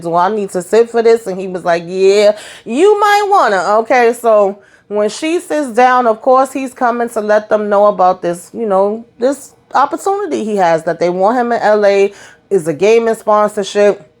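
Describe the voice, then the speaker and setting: A middle-aged woman casually recapping a TV episode for her viewers, acting out the characters' lines and talking straight to them. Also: mid-range voice. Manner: talks straight to viewers, "y'all", "boo", "child". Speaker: TV recap vlogger.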